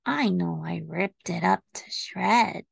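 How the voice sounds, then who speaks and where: Brief: woman reading a pampered, moody house cat for a storybook, slow with a gravelly edge, dry close sound. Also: on the low side, heavily acted. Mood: gentle. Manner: slow, gentle read-aloud delivery.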